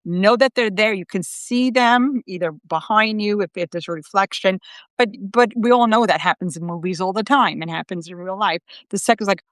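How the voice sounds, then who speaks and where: This is a middle-aged woman hosting a show as a medium, talking in a relaxed, conversational way. She tells lively stories, acts out quotes and laughs along the way. Her voice sits at a mid pitch and sounds close and dry. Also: normal speed, no echo. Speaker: psychic medium, show host. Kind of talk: casual conversational chat.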